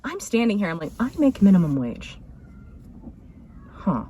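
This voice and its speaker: A woman's voice: medium pitch, unhurried, a little hiss or hum. A young woman co-hosting a casual chat, telling a workplace story with acted-out quotes and laughter. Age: young adult. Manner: animated, acts out quotes with laughter. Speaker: podcast co-host.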